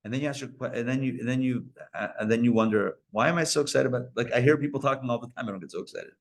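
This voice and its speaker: Speaking rapid-fire in a mid-range male voice, a rabbi gives a live Torah lecture to listeners at a community center. His tone is conversational, sprinkled with playful asides to the crowd.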